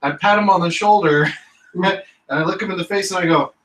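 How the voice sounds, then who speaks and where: A man's voice: high-pitched, brisk, a little hiss or hum. A man playing a tabletop role-playing game, playfully describing his character's actions. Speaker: player. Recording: far from mic in an echoey room.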